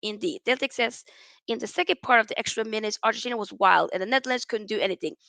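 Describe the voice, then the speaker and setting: A woman's voice: a little high, fast, gravelly, sharp tone, no echo. Exasperated woman ranting about football. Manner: reads out viewer chat comments. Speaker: football channel host. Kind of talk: live stream reaction chat.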